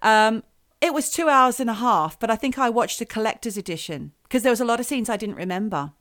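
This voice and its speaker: A middle-aged Australian woman chats on a podcast, jokey and a little crude. Her voice sits a little high with a bright edge. It moves all over the place in pitch. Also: lively intonation, a little fast. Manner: chatty, swearing, jokey. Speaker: podcast co-host. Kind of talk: casual chat.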